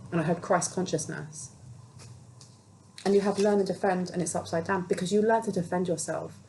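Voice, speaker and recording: A woman's voice: fairly low pitch, steady tone, brisk, dark tone, a little hiss or hum, poor audio. Earnest woman giving a tarot reading. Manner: earnest, reassuring, acts out quoted voices. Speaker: tarot reader. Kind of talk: spiritual tarot reading monologue.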